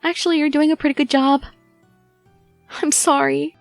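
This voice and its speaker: A woman voicing a gentle, earnest young woman who speaks in a pleading, tender way. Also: high-pitched, flat delivery, normal speed, creaky, dry recording, soft background music, voice pushed up.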